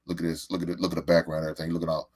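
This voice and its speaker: A man's voice: deep voice, completely flat delivery, rapid-fire, darkish tone. A man hosting a casual talk show, telling stories in a loose, profane, emphatic way. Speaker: show host.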